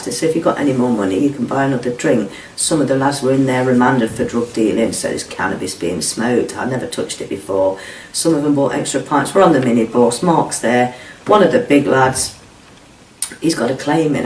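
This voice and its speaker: A man's voice: medium pitch, slight background noise. Blunt man, distant and roomy. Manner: blunt, sweary, halting retelling. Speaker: interviewee. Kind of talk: personal testimony. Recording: roomy, distant mic, faint ambience.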